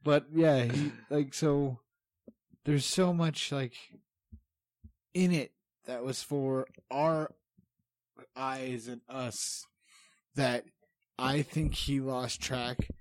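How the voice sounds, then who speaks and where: A man's voice: mid-range voice, fairly even intonation, slow, pauses often, no echo, clean studio sound. A man co-hosting a casual podcast, ranting heatedly and swearing, rambling from point to point. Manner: heated, profane, rambling rants. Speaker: podcast co-host.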